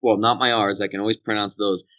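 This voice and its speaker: A man's voice: on the low side, flat delivery, fast talker, pushed and bright, dull audio. A man with a Boston accent, a voice actor guest talking candidly and with self-deprecating humour in an interview from a dry hotel room.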